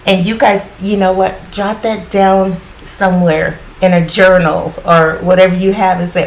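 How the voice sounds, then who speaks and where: A woman giving a casual spiritual card reading in a groggy morning voice, often clearing her throat and rambling reassuringly with lots of fillers. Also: on the low side, little pitch movement, normal speed, few pauses, a little hiss or hum, poor audio. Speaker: tarot card reader.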